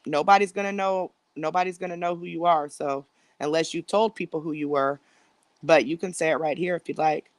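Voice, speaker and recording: A woman's voice: deep voice, fairly even intonation, fairly quick, no room sound. A woman hosting a casual live stream from home on her phone, rambling and chatting directly with her viewers. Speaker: livestream host.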